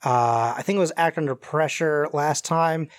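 A man's voice: fairly high pitch, moderate pace, dry recording. Hesitant man game master, dry sound. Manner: hesitant, many fillers. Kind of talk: narrating a tabletop game.

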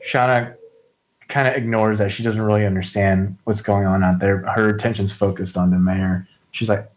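A man describing his character's actions in a tabletop game in a halting way, full of fillers. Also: fairly low pitch, steady tone. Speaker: player. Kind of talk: casual tabletop game play.

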